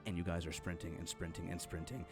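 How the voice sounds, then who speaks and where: A male game master narrates a horror tabletop session in a fairly low voice. He talks loosely, full of fillers and restarts. Faint music plays under him. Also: level tone, fast.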